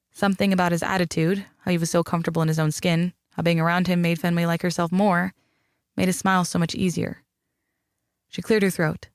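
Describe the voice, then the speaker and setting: A man narrating a mystery audiobook in an even, steady storytelling manner. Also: sits high, vocal fry, no echo, clean studio sound. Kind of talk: scripted narration.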